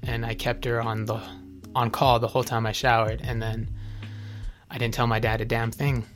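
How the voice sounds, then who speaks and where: A man's voice: medium pitch, little pitch movement, normal speed, a bit bright, soft background music. A young man earnestly telling his own recovery story in a candid, confessional way, with many fillers and restarts. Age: young adult. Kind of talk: candid personal testimony.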